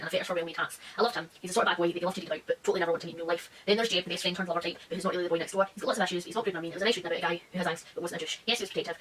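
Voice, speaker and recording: Fast-talking, blunt, sweary woman. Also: lowish voice, slight background noise. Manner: reads quoted reviews fast and quietly. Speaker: book reviewer. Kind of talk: casual vlog, reading reviews aloud.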